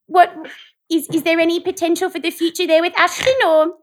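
A woman's voice: very high voice, little pitch movement, fairly quick. A woman voicing a fake-polite female tabloid reporter on a prank phone call, full of ums. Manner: sugary professional tone full of ums. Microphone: phone on speaker.

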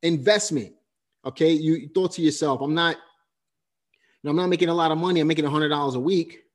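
Male podcast host, coaching recap style, slightly high voice. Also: brisk. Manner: coaching, recaps points with "right?". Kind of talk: casual chat, summarizing lessons.

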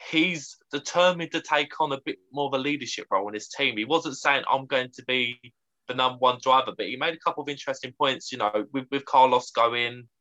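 Excitable male podcast co-host, bright tense voice, dull lo-fi mic. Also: medium pitch, a little fast. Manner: enthusiastic, excitable. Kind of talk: casual podcast chat.

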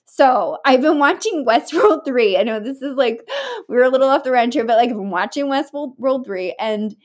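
A woman's voice: high voice, expressive, normal speed. A woman speaking as a guest in a candid interview, telling a story earnestly and in a rambling way, full of restarts and filler words, and swearing casually. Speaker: podcast guest.

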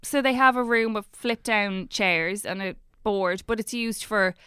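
A woman with a Dublin Irish accent chats and rants on a podcast, swearing freely. Her voice is bright and crisp, close and dry with no room sound. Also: mid-range voice, unhurried, no echo. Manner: animated ranting, heavy swearing. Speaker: podcast co-host. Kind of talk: casual chat.

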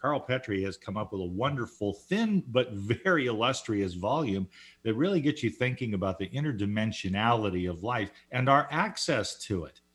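A man's voice: lowish voice, expressive, moderate pace, a bit bright. A man hosting an interview, enthusiastic and joking as he praises a book and moves on to the next question. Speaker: host.

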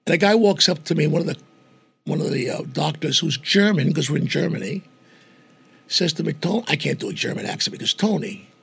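A gravelly older man tells a story in an animated way, taking on the voices of the people in it. His voice is strongly raspy and pitched a little high for a man. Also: a little fast. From New York. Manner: animated storyteller who acts out quoted voices. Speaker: guest entertainer. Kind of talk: storytelling in conversation.

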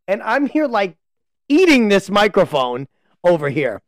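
A man's voice: sits high, huge pitch swings, unhurried, no room sound. A man co-hosting a casual podcast from a home laundry room, teasing his guests and laughing often, leaning close into a table microphone. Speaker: podcast co-host. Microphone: close table mic, leaning in.

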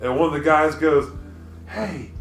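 Deadpan tall-tale-telling man, higher voice. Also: a little slow, reverberant, soft background music. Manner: deadpan tall-tale storyteller, swears freely. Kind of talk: casual podcast chat.

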